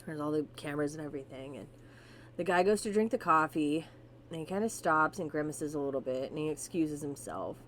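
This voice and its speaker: A woman co-hosting a podcast, telling wild stories in a casual, animated way, swearing freely and sometimes reading aloud. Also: deep voice, fairly quick, a little hiss or hum. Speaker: podcast co-host. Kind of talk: casual storytelling chat with profanity.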